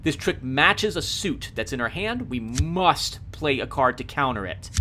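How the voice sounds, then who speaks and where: A man doing casual game commentary, excitably explaining the rules aloud and reading out the game text. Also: mid-range voice, a little slow, a little hiss or hum. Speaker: let's play host.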